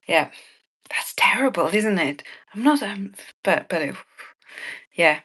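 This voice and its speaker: A woman's voice: medium pitch, lively intonation, slow pace, long pauses, a bit bright, slightly rough. Lady hosting a jewellery auction stream, chatty and cheeky, laughs a lot, medium voice. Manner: bubbly, rambling, laughs often, cheeky asides. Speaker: live online jewellery auction seller. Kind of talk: chatty live-stream selling.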